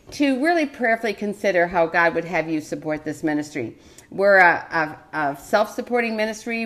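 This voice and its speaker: A woman's voice: mid-range voice, fairly bright tone. An older woman hosting a live children's cooking show, chatty and encouraging, laughing often.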